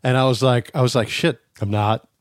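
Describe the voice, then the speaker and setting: A man in his forties co-hosting a podcast, telling stories in a casual, animated way, swearing freely and acting out the voices he quotes. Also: medium pitch, brisk, no room sound, clean studio sound. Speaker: podcast co-host. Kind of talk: casual chat.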